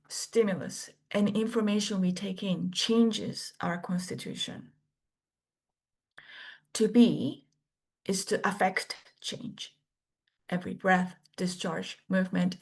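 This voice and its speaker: Measured woman instructor reading a lecture. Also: mid-range voice, creaky. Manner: measured, deliberate delivery with pauses between list items. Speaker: course instructor. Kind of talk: scripted orientation lecture.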